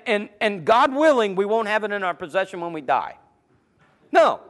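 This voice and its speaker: A male pastor preaching a sermon, emphatic, repeating words as he builds a point and dropping to low, quiet asides.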